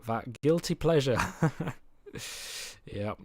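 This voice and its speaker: A man's voice: medium pitch, lively intonation, very slow, noisy background. A man hosting a casual livestream as a series creator, presenting in a chatty, upbeat way. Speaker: series creator and stream host.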